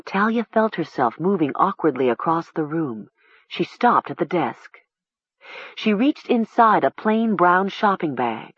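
A narrator reads a horror story aloud with unhurried, expressive pacing and a lively, wide-ranging pitch. The tone is husky, and the recording sounds dry and a little dull. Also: dry recording. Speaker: audiobook narrator.

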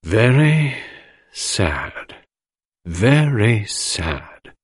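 A man's voice: fairly low pitch, sing-song, breathy edge, no room sound, clean studio sound, exaggerated voice. A man voicing a portly, fussy little older male doctor who drags out his words in an audiobook reading. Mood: sorrowful. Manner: fussy, drawn-out murmuring.

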